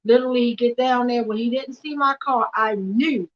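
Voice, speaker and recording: A woman's voice: on the high side, normal speed. A woman giving impassioned personal testimony as an activist at a weekly vigil. She talks earnestly and emphatically and retells events in a rush, repeating "literally" and "I'm like". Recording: dull lo-fi livestream audio.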